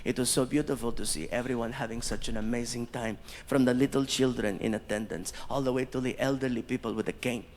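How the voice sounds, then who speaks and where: A man on stage voicing a gracious, formal nineteen-year-old prince, slow and polite. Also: mid-range voice, steady tone, pitched below the performer's own voice, lightly acted. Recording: live stand-up in a reverberant hall.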